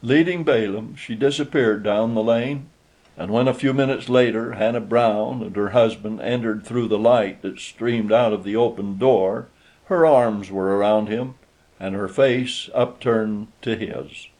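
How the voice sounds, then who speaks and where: A man narrating a story aloud in a steady, measured audiobook reading. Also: lowish voice.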